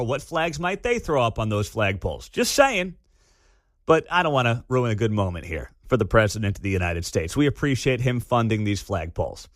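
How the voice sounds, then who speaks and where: A man hosting a talk radio show, giving opinionated commentary in a conversational, animated, slangy way. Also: medium pitch, no echo, studio quality.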